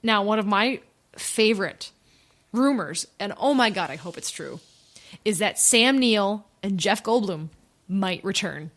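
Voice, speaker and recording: A woman co-hosting a podcast, chatty and quick to laugh, often stumbling over words as she runs through film news. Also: mid-range voice, lively intonation, a bit bright. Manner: chatty, giggly, trips over her words. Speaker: podcast co-host. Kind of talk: casual podcast chat.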